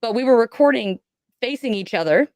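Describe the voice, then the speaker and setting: A woman's voice: on the high side, expressive, a little fast, darkish tone, dry recording, clean studio sound. A woman on a podcast telling a personal ghost story, acting out the voices she quotes. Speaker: podcast guest.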